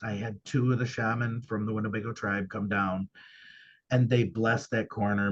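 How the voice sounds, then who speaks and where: A man's voice: lowish voice, muffled recording. A man who owns a paranormal venue, speaking as a guest in a casual interview and telling his experiences earnestly and emphatically.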